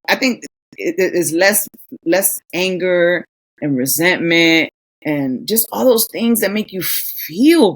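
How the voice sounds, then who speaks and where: A woman in her thirties co-hosting a podcast, ranting in a casual, profane way with acted quotes. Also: on the high side. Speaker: podcast co-host. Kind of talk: casual chat.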